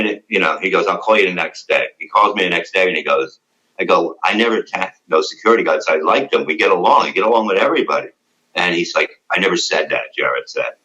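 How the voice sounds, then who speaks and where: Middle-aged male guest, low voice with a forceful, bright edge; blunt, profane, rambling storyteller. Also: rough recording. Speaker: interview guest, former radio show staff. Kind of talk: casual interview.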